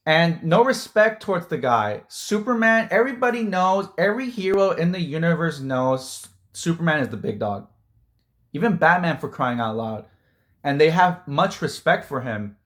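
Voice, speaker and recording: A man ranting about a film in a loose, heated way, his voice sitting a little higher than most men's. He rambles, circles back on himself and leans on "like" and "dude" as he goes. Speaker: movie reviewer. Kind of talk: casual opinion rant.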